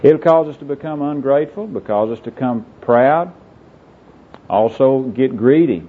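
A man's voice: medium pitch, normal speed, husky. A middle-aged man leading a Bible discussion, earnest and quoting scripture by chapter and verse. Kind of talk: Bible teaching talk. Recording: muffled lo-fi recording.

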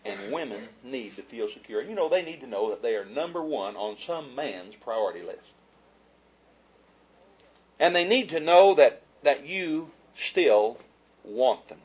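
A man's voice: mid-range voice, lively intonation, a little slow, darkish tone, slightly rough, muffled recording. Folksy chuckling man telling stories. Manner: folksy storyteller, chuckling as he talks. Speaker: speaker giving a talk on marriage. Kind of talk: humorous folksy talk to an audience.

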